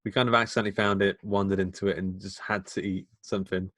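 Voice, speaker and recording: A man with a Midlands accent talks casually as a podcast co-host. His voice sits on the low side and is recorded dry and close, and his rambling stories keep breaking into laughter. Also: level tone, fast, a bit bright, no echo. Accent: English Midlands. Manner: chatty, laughs often, rambling. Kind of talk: casual film chat.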